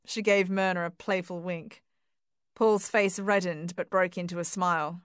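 Woman reading an audiobook, calm measured pace, dry close mic. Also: lowish voice, smooth, no room sound. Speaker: audiobook narrator. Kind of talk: storybook reading.

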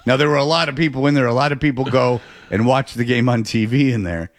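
A man's voice: mid-range voice, fast, no echo. Rambling man telling a story. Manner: rambling, animated storyteller with frequent restarts. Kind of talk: casual storytelling chat.

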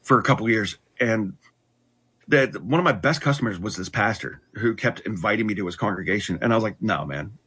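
A middle-aged man earnestly telling his life story in conversation, halting and restarting often. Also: lowish voice, fairly bright tone, husky. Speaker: guest telling his testimony.

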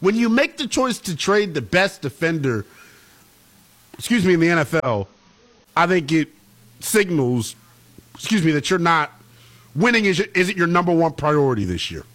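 A man co-hosting a sports talk show, giving animated, opinionated takes in casual chat. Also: on the high side, normal speed, pauses often. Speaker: co-host.

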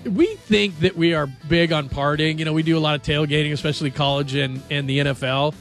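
A male sports radio host in a radio studio, talking in a chatty, animated and jokey way. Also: fairly high pitch, fast, faint music behind. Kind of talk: casual sports talk.

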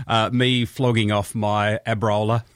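A man's voice: fairly low pitch, level tone, slow, clear, resonant tone, no echo, clean studio sound. An Australian man hosting a breakfast radio show, chatting in a jokey way and laughing at his own asides.

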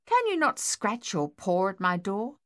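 A woman voicing a stern middle-aged farm mother with a brisk, scolding manner. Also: mid-range voice, wildly swooping pitch, a bit bright, no echo, clean studio sound.

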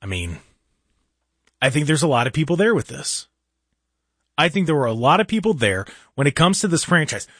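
A man's voice: fairly high pitch, sing-song, normal speed, long pauses, a bit bright, dry recording, clean studio sound. A young man ranting heatedly about his home team, exasperated and mocking, in sports commentary.

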